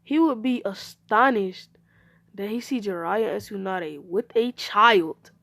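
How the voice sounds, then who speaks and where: A woman's voice: mid-range voice, takes it slowly, creaky, fairly bright tone, dry recording. A woman casually telling an improvised fan story, loose and slangy with rambling asides.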